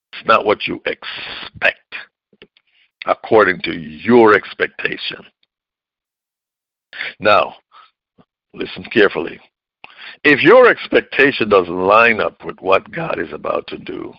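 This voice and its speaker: Male preacher, emphatic sermon delivery, very animated pitch, dry close sound. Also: vocal fry, slightly rough, no room sound, dull audio. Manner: emphatic, swinging from loud outbursts to low hushed lines.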